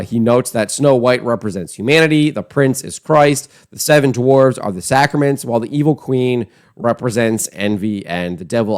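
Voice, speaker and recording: A man's voice: fairly low pitch, a little mellow. A man hosting an online political commentary show, talking in a scornful, emphatic, conversational way.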